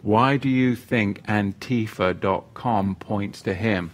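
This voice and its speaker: A man teaching on a live stream and reading viewers' comments aloud. He talks in a feisty, teasing way, jumping from loud outbursts to soft asides, and leads a prayer. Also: lowish voice, slow pace, few pauses. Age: parent of children living at home.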